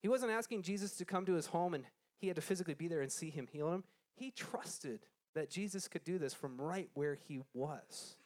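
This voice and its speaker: A man with a fairly high, darkish voice talks a little fast, barely pausing, while teaching a group a Bible lesson. He reads scripture aloud, unpacks it conversationally, and questions his listeners, with frequent restarts along the way.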